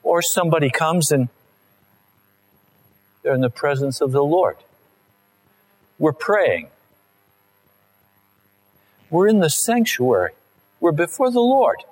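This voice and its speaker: A man's voice: a little high, sing-song, slow, long pauses, a little mellow, rough recording. A male pastor delivering a conversational sermon and acting out little everyday scenes.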